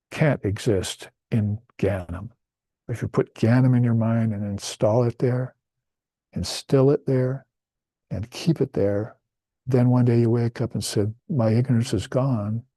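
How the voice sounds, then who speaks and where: A man's voice: lowish voice, warm tone, no echo. A man giving a spiritual talk as a teacher, explaining Sanskrit terms with fillers and restarts along the way.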